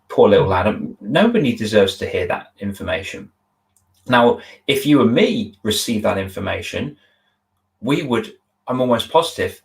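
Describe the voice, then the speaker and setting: Man, fairly low voice, earnest storyteller, heartfelt, restarts sentences, video call chat. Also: vocal fry, low-quality recording. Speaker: confidence coach, podcast host. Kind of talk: conversational interview, storytelling.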